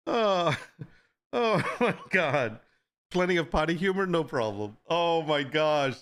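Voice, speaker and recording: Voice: medium pitch, expressive, takes it slowly, fairly bright tone. A live-stream host in casual chat, reading viewer requests aloud and often laughing while reacting to photos.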